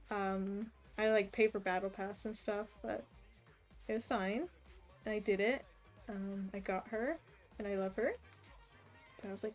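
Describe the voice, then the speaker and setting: Faint music plays behind a young woman who chats casually as she draws on stream, wandering from topic to topic with frequent "like" and laughter. Her medium-pitched voice is steady and moderately paced, broken by long pauses.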